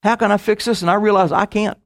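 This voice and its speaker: A middle-aged man preaching a sermon, telling stories with quick asides and bursts of emphasis. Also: high voice, fairly even intonation.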